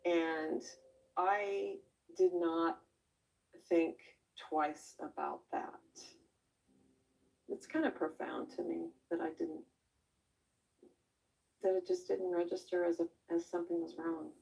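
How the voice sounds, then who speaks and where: Low-voiced woman, reflective and halting. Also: level tone, vocal fry, a little mellow, recorded from a distance, rough recording. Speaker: former camper interviewed. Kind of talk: documentary interview.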